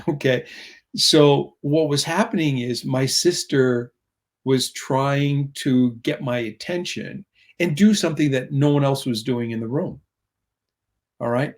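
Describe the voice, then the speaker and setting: A man's voice: medium pitch, unhurried. Middle-aged male guest, earnest storyteller, drifts off topic, voices other people in his anecdotes. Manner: earnest, rambling, quotes voices in stories. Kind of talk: conversational storytelling.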